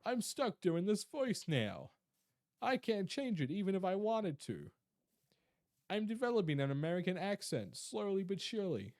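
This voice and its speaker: A goofy self-styled nobleman , as a streamer puts him on, talking in a put-on American accent. Words come out drawn-out and over-pronounced, pitched well above a man's own voice. It is a silly, exaggerated streaming bit. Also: big pitch swings, a little mellow. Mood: playful.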